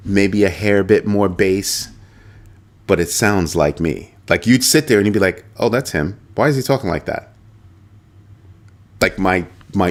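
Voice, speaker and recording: Deep-voiced man hosting a casual livestream. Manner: animated, talks straight to viewers, repeats phrases. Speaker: host of a crypto livestream.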